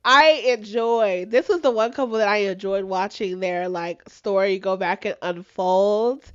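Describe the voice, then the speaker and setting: A woman co-hosting a casual chat that recaps a reality show, animated and chatty, reading out notes she wrote down. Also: mid-range voice, unhurried, clear, resonant tone, no room sound, lo-fi sound. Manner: animated, chatty, reads out her own notes. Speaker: podcast co-host.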